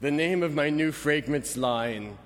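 A preacher putting on a suave, breathy model voice. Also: male voice, a little high, unhurried, big-room sound, slight background noise, natural voice. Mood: sultry. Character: suave male celebrity model pitching perfume.

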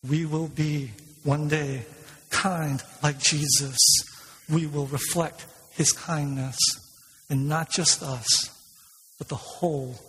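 A male pastor preaching a sermon in a church, asking the congregation questions and telling stories in a lively way. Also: on the high side, slow, breathy edge. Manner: retells a film scene with lively storytelling. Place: church sanctuary. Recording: long reverb of a large hall.

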